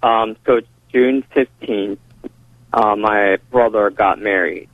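Male caller in his 30s, phone line, low voice, terse answers. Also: fairly even intonation, slow, dry recording.

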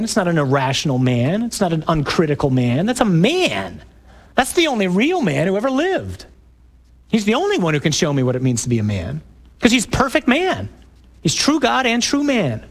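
A man who is a priest, giving an emphatic, preacherly parish talk to parents with jokey asides to the audience. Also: on the high side.

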